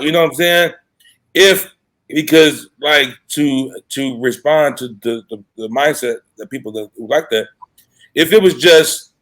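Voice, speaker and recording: A man's voice: on the high side, fairly bright tone. A man hosting a casual live show as a dating coach, talking frankly in a loose, rambling way and reading out viewer comments. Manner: loose and rambling, frank, quick asides and self-corrections.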